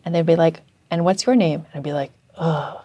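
A Canadian woman with a low voice, a journalist appearing as a guest, chats quickly in a casual interview, telling lively anecdotes full of fillers. The sound is close and dry, with no room around it.

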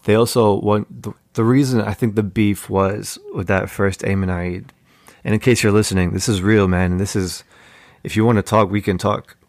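A man's voice: lowish voice, steady tone, normal speed, darkish tone, dry recording, clean studio sound. A man telling casual, jokey stories as a podcast guest, in a laid-back way. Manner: laid-back, jokey, mimics voices in anecdotes. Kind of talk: casual storytelling.

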